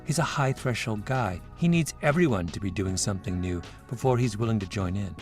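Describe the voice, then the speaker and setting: A man hosting a podcast, telling a story in scripted narration with a measured, reflective manner. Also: lowish voice, expressive, soft background music. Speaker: podcast host.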